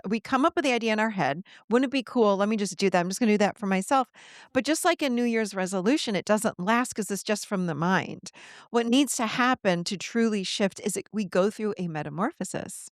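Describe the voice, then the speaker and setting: A woman's voice: medium pitch, no echo, clean studio sound. A woman guest on a podcast interview, talking earnestly in a coaching manner and acting out the voices of the people she quotes.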